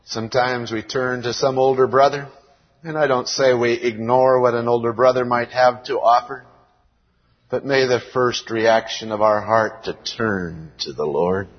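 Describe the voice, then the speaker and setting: Slow earnest American preacher, husky. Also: male voice, mid-range voice, fairly even intonation. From United States. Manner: slow, earnest preaching, reading scripture aloud. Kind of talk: sermon. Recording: dull lo-fi recording with long hall reverb.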